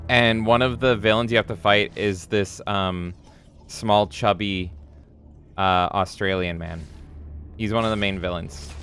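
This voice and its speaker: A man with a fairly low voice hosts a casual live stream of a game, joking, cursing freely and reacting to chat. Faint music plays behind him from the game. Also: steady tone, unhurried, fairly bright tone, clean tone. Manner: playful, profane, reads chat aloud.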